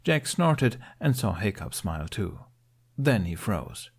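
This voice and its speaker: A man narrating a fan fiction audiobook in a lively storytelling manner. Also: on the low side, takes it slowly, creaky, husky. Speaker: podfic reader.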